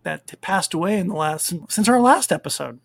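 A man's voice: high-pitched, animated, moderate pace, creaky, no room sound. A middle-aged man co-hosting a podcast, chatting casually and rambling with fillers. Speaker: podcast co-host. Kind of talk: casual chat.

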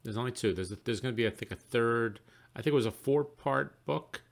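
A middle-aged man co-hosting a podcast, chatting casually and telling stories with lively exclamations. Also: medium pitch, brisk, creaky. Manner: animated storyteller, exclaims often. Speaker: podcast co-host. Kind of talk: casual chat.

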